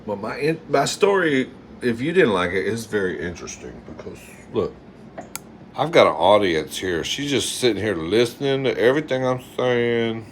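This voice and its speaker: A man's voice: medium pitch, animated, normal speed, a little hiss or hum. A man hosting a live stream from his kitchen, telling a long campy story, laughing often and acting out customers. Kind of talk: casual storytelling to live chat. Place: home kitchen.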